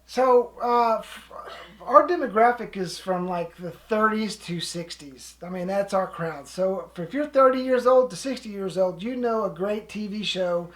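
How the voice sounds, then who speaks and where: A woman's voice: medium pitch, lively intonation, unhurried. A woman casually telling a story in a chatty, rambling way, with frequent restarts. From living in Alaska. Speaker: co-host.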